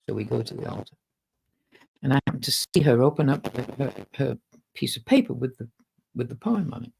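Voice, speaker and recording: A man, a guest musician, telling animated anecdotes in a casual podcast chat. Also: medium pitch, fairly quick, gravelly, pauses often, a little hiss or hum. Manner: animated storyteller, acts out quotes. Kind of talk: anecdotal storytelling.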